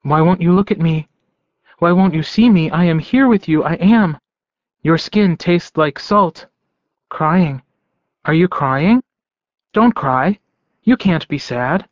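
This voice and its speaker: A man's voice: a little high, animated, takes it slowly, long pauses, no echo, highs cut off, voice pushed up. A man reading an audiobook, voicing a young male werewolf who pleads desperately with his mate. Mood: pleading. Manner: pleading, urgent.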